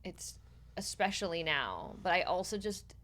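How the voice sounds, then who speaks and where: Animated young woman chatting casually. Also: fairly low pitch, measured pace. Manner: animated, laughing often. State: pregnant. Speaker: streamer. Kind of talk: casual chat.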